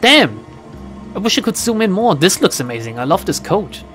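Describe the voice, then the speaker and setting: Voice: mid-range voice, sing-song, normal speed, fairly bright tone, soft background music. A streamer playing a role-playing game, thinking aloud in casual, self-deprecating commentary. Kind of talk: casual let's-play commentary.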